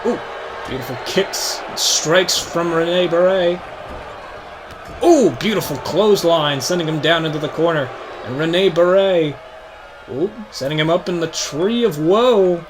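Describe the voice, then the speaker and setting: A young man hosting a video game show, giving mock wrestling play-by-play in a hyped announcer voice that climbs to shouts on big moves. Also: a little high, lively intonation, measured pace, background noise. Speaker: host.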